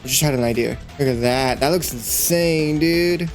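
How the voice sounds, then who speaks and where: A 3D animator and creator casually narrates his work session over music, thinking aloud in a rambling, playful way full of fillers. His mid-range voice moves at a moderate pace, and he gets excited easily.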